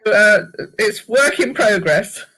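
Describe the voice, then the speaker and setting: A woman guest chatting in an interview, telling lively stories and laughing often. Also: mid-range voice, slow, rough recording.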